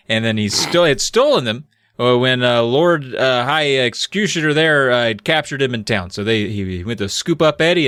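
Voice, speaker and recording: Profane, lively podcast storyteller man. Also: medium pitch, moderate pace, no echo. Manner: loose and profane, with many fillers. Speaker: podcast co-host retelling a children's book. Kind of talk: casual comedic storytelling and reading.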